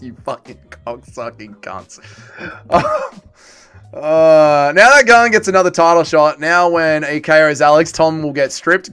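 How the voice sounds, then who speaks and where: The livestream's host, a man with a clean tone, reads viewers' comments out loud and responds in a relaxed chat. He shifts back and forth between swearing loudly in rants and grumbling under his breath.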